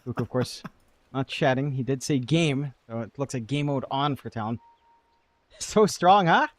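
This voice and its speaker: A man's voice: medium pitch, animated, normal speed, no room sound. A man commentating a live esports match, breaking down the game analytically and joking with his co-caster.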